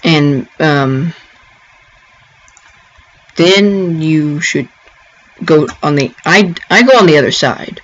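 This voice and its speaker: A man giving a casual gameplay tutorial, rambling and halting, with frequent ums and restarts. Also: fairly high pitch, expressive, a bit bright. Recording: dull lo-fi home recording.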